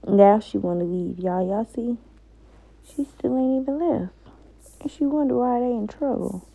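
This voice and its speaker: Woman chatting over her sim game, slow slangy talk, dark gravelly voice. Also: fairly high pitch, slight background noise, low-quality recording. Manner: slangy, chatty, talks to viewers. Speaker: gamer. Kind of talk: casual gameplay commentary.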